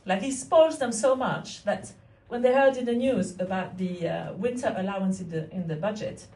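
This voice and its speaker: A woman's voice: medium pitch, normal speed, mellow. A woman in her forties performing a stand-up comedy set, with wry, mock-innocent rhetorical asides and audience laughter behind her. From France. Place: comedy club stage. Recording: echoey room, mic at a distance.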